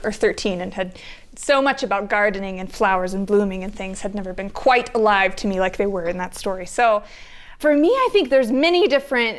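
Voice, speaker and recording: Guest writer, woman, fairly high voice, chatty with lots of restarts. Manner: chatty, laughing, searching for words. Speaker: guest author. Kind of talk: live onstage conversation.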